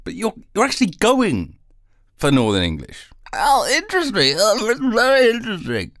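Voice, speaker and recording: A man's voice: high-pitched, huge pitch swings, moderate pace, fairly bright tone, dry recording, clean studio sound, pitched above the performer's own voice, exaggerated voice. A podcast host doing a comic impression of a smug male interviewer, with a mock-sweet, sing-song, needling manner.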